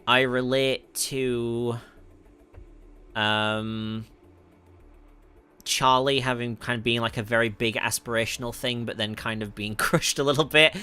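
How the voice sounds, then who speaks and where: A music producer from the north of England, with a Northern English accent, answers chat questions during a livestream Q&A, laughing often and correcting himself with lots of ums. His medium-pitched voice is smooth yet sharp in tone, fairly even in intonation, a little slow, with frequent pauses.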